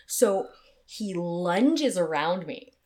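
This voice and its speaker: A young adult woman telling a story as a guest, animated and playful, with many restarts. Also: fairly low pitch, extremely slow. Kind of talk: casual storytelling.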